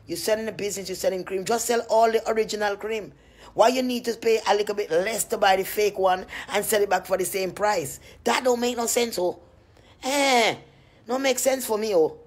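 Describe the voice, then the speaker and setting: A woman's voice: mid-range voice, a little fast. A woman talking casually on a phone live stream from home, telling rambling stories and laughing often. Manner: chatty, laughs often, animated storytelling. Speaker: cream seller on a live stream. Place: at home, just out of bed.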